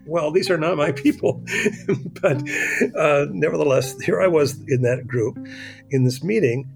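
A man's voice: fairly high pitch, a little slow, vocal fry, darkish tone, faint music behind. A man in a recorded interview, reflectively recounting a personal memory. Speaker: interviewed scholar.

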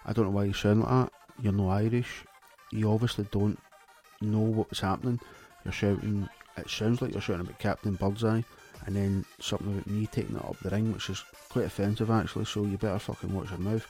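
A Scottish man presenting a radio show with a fairly low voice, reading out listener messages. His delivery is deadpan and mocking and full of swearing, with faint music playing behind him. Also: a little fast, hardly any pauses. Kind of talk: comic radio DJ patter.

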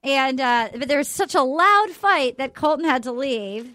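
Femme à la voix aiguë, bavarde. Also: female voice, sits high, animated, normal speed, noisy background. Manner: chatty, acts out quotes in shifting voices. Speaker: podcast co-host recapping a dating show. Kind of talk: casual chat.

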